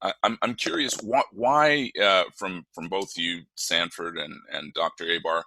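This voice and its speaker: A man's voice: deep voice, fairly even intonation, unhurried, bright, forceful tone, slight background noise. A man hosting a podcast, putting hesitant, searching questions to his guests. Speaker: podcast host. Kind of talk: interview questions.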